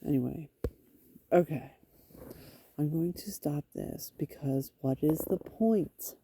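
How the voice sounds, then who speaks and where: A woman's voice: sits low, slow, mellow, slight background noise. A woman venting in a rambling, frustrated monologue, swearing and talking to her cats outdoors on a road. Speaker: vlogger.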